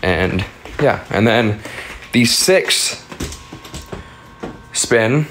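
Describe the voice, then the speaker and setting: A man's voice: fairly low pitch, lively intonation, extremely slow, a bit bright, slight background noise. A young man chatting casually on a phone livestream at home, reading out viewer comments and thanking them for gifts.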